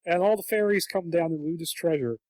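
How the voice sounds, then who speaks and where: A man's voice: fairly high pitch, fairly quick, crowd noise. A man co-hosting a podcast, chatting casually and acting out quotes in comic voices. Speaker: podcast co-host.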